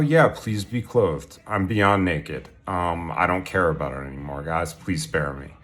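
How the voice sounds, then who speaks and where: A deep-voiced man rambles into his phone camera from a bathtub. He drifts from thought to thought with a jokey, offhand tone, full of "um"s and half-finished restarts. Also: expressive, measured pace, hardly any pauses, fairly bright tone. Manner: meandering, jokey, many "um"s and restarts. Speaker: vlogger. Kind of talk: rambling stream-of-consciousness monologue.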